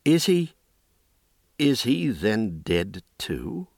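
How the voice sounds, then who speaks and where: A man's voice: on the low side, very animated, extremely slow, creaky, dry recording, clean studio sound, voice pushed up, exaggerated voice. A man voicing a frightened young companion in an audiobook, raising his voice and speaking hesitantly. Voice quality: hesitant and shaky. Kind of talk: audiobook reading.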